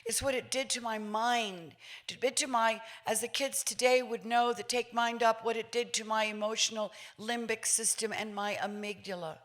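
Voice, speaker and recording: Lively older woman telling a story. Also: fairly high pitch, normal speed, few pauses. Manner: lively, acts out voices, laughs while telling. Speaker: featured speaker. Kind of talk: animated personal storytelling talk. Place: public talk at an event.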